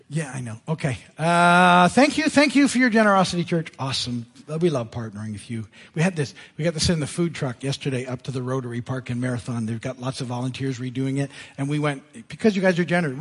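A man preaching to his church, retelling scripture with lively asides. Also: medium pitch, a little fast, breathy edge. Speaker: pastor. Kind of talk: sermon. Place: church sanctuary.

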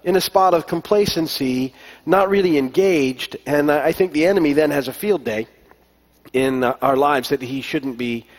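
Male pastor, fairly high voice, loose rambling sermon with ums and restarts, long hall reverb. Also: normal speed. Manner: relaxed storytelling with many fillers and restarts. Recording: long echo of a large hall.

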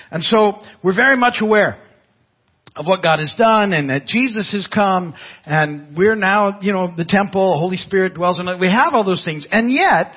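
A man's voice: high-pitched, husky. An older man preaching a sermon as pastor, telling folksy stories with frequent restarts. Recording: dull lo-fi church audio.

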